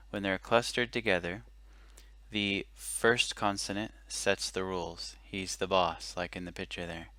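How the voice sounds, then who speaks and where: A man with a low voice and a bright, forceful edge explains grammar rules step by step. He talks in a relaxed, casual way, pausing to correct himself, recorded close and dry in a quiet room. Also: no echo. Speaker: language teacher.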